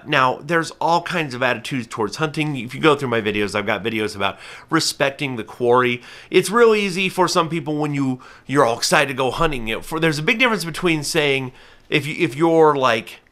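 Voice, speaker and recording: Bright-voiced man explaining earnestly. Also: medium pitch. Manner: earnest, cautious explaining with everyday examples. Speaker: falconer and channel host. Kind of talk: casual educational talk to camera.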